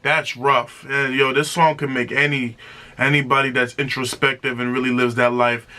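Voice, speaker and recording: Bright, punchy male reviewer reacting with excitement, exclaims and repeats himself, mid-pitched.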